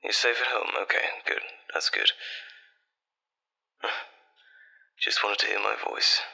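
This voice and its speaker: Man for a whispered role-play: breathy, bright-edged, slow, tender boyfriend on the phone. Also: lowish voice, sing-song, rough recording. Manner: soft, tender, reassuring boyfriend on a late-night call. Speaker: ASMR artist.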